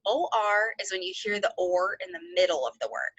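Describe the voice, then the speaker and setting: A woman teaching an online phonics lesson to second graders, sounding out letters slowly and encouraging the class. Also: mid-range voice, expressive, a bit bright, slightly rough, dry recording, dull audio.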